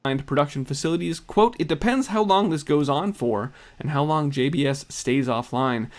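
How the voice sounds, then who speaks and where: A man narrating news commentary, reading quotes aloud in a quick, pointed way. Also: a little high. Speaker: video narrator.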